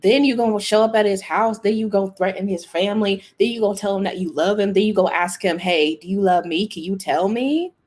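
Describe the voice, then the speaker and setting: Animated woman podcasting. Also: mid-range voice, brisk, few pauses. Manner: animated, acts out characters' lines, exclaims and laughs; chatty, lots of fillers like "like" and "you know". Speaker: podcast host. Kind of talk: casual TV recap.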